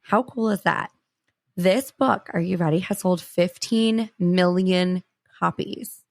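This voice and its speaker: A woman hosting a podcast, introducing her guest with excitable, gushing chat and calling her listeners y'all. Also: fairly low pitch, slow pace, gravelly, no echo, studio quality. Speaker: podcast host. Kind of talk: casual chat.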